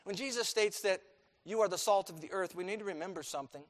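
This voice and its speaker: A middle-aged male pastor preaching a sermon in a church, emphatic, repeating key phrases and swinging between loud and quiet. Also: high voice, fast talker. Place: church sanctuary. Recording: long hall reverb.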